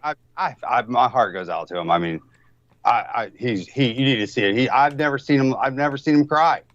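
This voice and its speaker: Brief: hesitant, swearing male guest, mid pitch, dry muffled audio. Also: brisk, fairly bright tone, no room sound. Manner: rambling, hesitant, heavy swearing. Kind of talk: casual chat.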